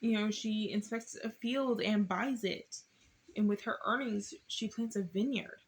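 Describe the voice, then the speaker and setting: Chatty young woman with a hoarse voice. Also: medium pitch, a little slow, slight background noise. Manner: chatty, rambling, reads verses aloud. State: slightly hoarse. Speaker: YouTuber doing Bible study. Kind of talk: casual Bible study vlog. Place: at home.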